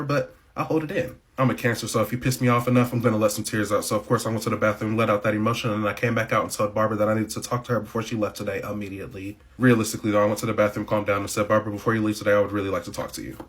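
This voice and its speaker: A man's voice: on the low side, fairly even intonation, very fast, hardly any pauses. A man from the United States telling a workplace story to camera in a blunt, profane, wry, casual way.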